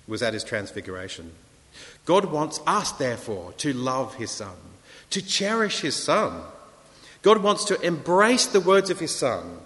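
Male preacher, earnest sermon delivery, lively pitch, long hall reverb. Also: moderate pace. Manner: earnest, rising to emphatic scripture reading.

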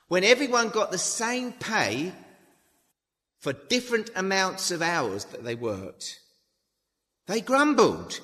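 Preaching a sermon in a chatty manner, a man with a bright, pushed voice on the high side adds tag questions and acts out the dialogue of his story. A long hall reverb hangs on the recording.

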